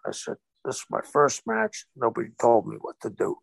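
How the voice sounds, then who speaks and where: In a casual interview, this ex-pro wrestler spins animated yarns and performs the quoted dialogue himself. He speaks a little slowly in a lowish, gravelly, slightly rough voice, with no room sound at all.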